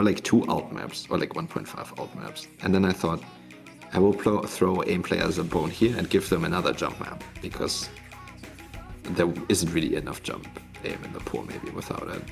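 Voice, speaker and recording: A man's voice: sits low, very animated, normal speed, gravelly, faint music behind. A man casually talking through tournament maps on a live stream, rambling with many fillers and restarts. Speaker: tournament mappool showcaser.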